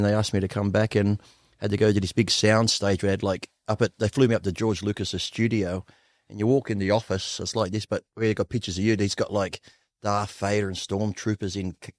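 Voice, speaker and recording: A middle-aged Australian man with a rather low voice rattles through blunt, profane anecdotes at a quick clip. He drops into the voices of the people he quotes along the way. The sound is dry and close, with no room around it. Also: level tone, no echo. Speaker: guest. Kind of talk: casual storytelling interview.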